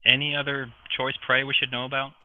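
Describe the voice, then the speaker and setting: A polite, nervous interviewer, played by a man tiptoes around his guest and apologizes quickly. The voice comes through a thin, tinny voice chat line. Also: medium pitch, flat delivery, natural voice. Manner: apologetic, eager to please.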